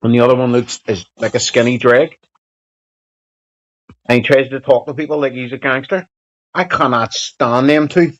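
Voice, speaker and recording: Male streamer, profane rambling banter, mid-pitched voice, dull lo-fi mic. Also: fairly even intonation, moderate pace, pauses often. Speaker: live streamer. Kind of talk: casual stream chat.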